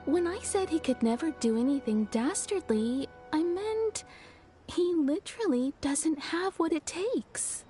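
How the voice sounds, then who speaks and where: An actress playing a chatty townswoman telling a fond story, amused and animated. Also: high voice, unhurried. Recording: game music underneath.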